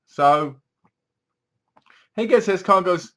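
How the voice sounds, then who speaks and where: A man's voice: sits high, measured pace, a bit bright. A man giving a casual, rambling film review, leaning on filler words and restarts.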